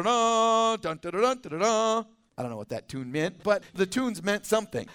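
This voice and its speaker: High-voiced man giving a chatty sermon. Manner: conversational and animated, with asides. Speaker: teaching pastor. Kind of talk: expository sermon. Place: church.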